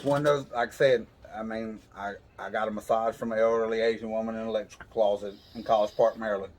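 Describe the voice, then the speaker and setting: A man's voice: on the low side, fairly even intonation, fast talker, a little hiss or hum. A man casually telling a funny story on a podcast, laughing as he goes. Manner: laid-back drawl, laughs while telling. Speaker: podcast co-host. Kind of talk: casual storytelling over whiskey.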